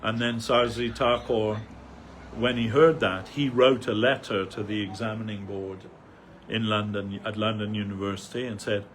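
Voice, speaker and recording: A man's voice: lowish voice, fairly even intonation, moderate pace, a little hiss or hum. An older man giving a rambling, anecdotal remembrance talk as a devotee speaker at a temple festival, with many fillers, restarts and chuckles.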